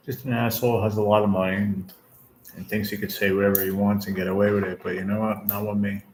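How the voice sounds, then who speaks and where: Fast and fairly low-pitched with little pitch movement, this man's voice comes through slight background noise. He's a channel host in his forties, chatting casually and directly with his livestream viewers and chat, venting bluntly and swearing a lot.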